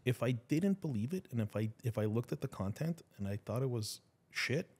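A man's voice: mid-range voice, expressive, brisk, darkish tone, breathy edge. A man on a podcast as a guest, telling a business story in casual conversation and acting out the dialogue he quotes. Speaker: guest, business partner and husband.

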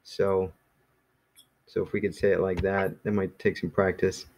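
Casting: man with a lowish voice, easygoing teacher who rambles and restarts with many ums. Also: level tone, normal speed, a little mellow. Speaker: Greek teacher. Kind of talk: casual classroom teaching.

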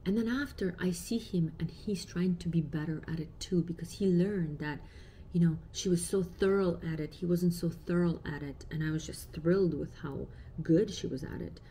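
A woman's voice: fairly low pitch, normal speed, dark tone, a little hiss or hum. A woman in her thirties, a parent vlogger talking casually and reflectively to camera with many fillers.

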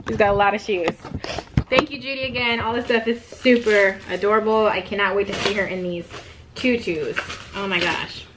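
A young woman, excitedly chatting while opening gifts for her baby daughter. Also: mid-range voice, moderate pace. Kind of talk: casual unboxing chat. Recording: noisy home recording.

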